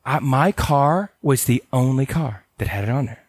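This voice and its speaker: A middle-aged counselor from California giving a conference talk in a conversational way. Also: male voice, medium pitch, animated, breathy edge, dry recording. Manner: conversational, acts out dialogue with quick voice changes. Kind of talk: conference presentation.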